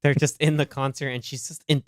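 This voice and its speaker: A man co-hosting a casual movie podcast, excitable, laughing often and acting out lines from the film. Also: medium pitch, fairly quick, clean tone, no room sound, studio quality. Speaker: podcast co-host. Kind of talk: casual movie discussion chat.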